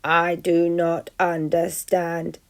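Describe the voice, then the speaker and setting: Woman voicing a stiff formal robot, slow and measured, low, slightly gravelly, storybook. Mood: mechanical. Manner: slow, flat, overly formal. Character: stiff, polite female robot.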